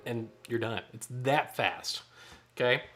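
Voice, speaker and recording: Loud music plays behind a man of medium pitch who speaks slowly while leading choir rehearsal. The director counts off beats and sings short phrases as demonstrations.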